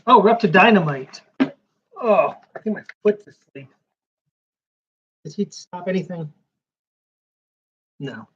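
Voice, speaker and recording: A man's voice: high voice, expressive, unhurried, long pauses, fairly bright tone, breathy edge, highs cut off. A man giving rambling live-stream commentary while flipping through a comics preview magazine, with sarcastic asides.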